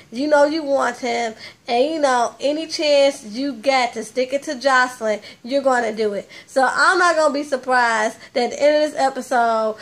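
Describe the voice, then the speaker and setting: A high-pitched woman talks through a reality show episode in a loose, chatty way. She retells scenes with slang and quick asides, animated and conversational throughout. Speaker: TV recap host. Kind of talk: casual reality TV recap.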